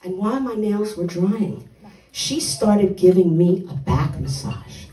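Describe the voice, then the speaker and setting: An older woman doing a stand-up comedy set on a club stage, delivering blunt, dark one-liners with punchy timing. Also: mid-range voice, slow pace, roomy sound, recorded from a distance, rough recording.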